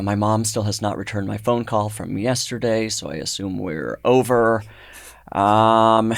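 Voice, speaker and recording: A man hosting a comedy podcast in a studio, delivering absurd jokes deadpan. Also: lowish voice, no echo. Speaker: podcast host.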